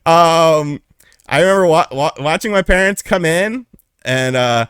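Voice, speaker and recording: A man's voice: a little high, measured pace, a bit bright, clean tone, dry recording. A young man casually telling a personal story, candid and profane, on a close mic. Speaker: vlogger.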